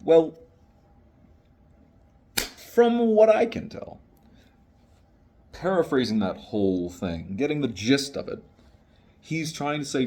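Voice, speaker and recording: A man's voice: mid-range voice, warm tone, husky. A man hosting a poetry video, reading a poem earnestly and then explaining it in loose, casual words. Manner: earnest, deliberate, loose and colloquial when explaining. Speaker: poetry channel host.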